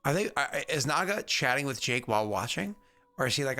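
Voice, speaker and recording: Bright-voiced rambling game master, a man. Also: mid-range voice, sing-song, fairly quick. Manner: chatty, rambling, with many fillers. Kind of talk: narrating a tabletop game.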